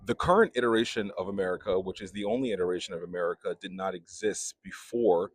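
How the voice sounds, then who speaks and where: A man's voice: sits low, fast, no room sound. A man giving emphatic, lecturing commentary in reaction to a video clip.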